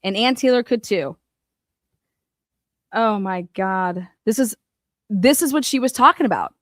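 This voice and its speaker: A woman reads through documents while offering casual true-crime commentary, excitable and foul-mouthed, veering from quiet muttering to loud outbursts. She speaks a little slowly, and the recording is dry and studio quality.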